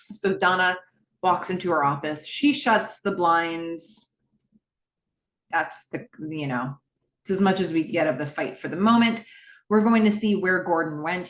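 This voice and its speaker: Woman podcast host, fairly low voice, casual scene-by-scene recap, echoey room. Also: fairly bright tone. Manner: walks through scenes in present tense, with frequent "um"s.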